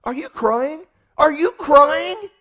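A man voicing a gruff male baseball manager who shouts and scolds a player. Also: very high-pitched, animated, slow, voice pushed up, heavily acted. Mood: scolding.

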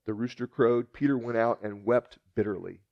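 A man preaching a sermon, retelling scripture as a story and acting out the dialogue with big swings in pitch and loudness. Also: normal speed, gravelly, no echo, muffled recording. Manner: storytelling, acts out the dialogue with shifting pitch and volume.

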